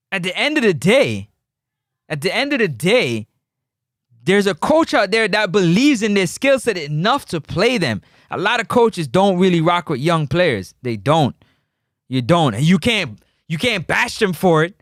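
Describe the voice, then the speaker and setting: A man hosting a live call-in football show, teasing and animated in his street slang. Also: high-pitched, no echo, clean studio sound. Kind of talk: casual live sports talk.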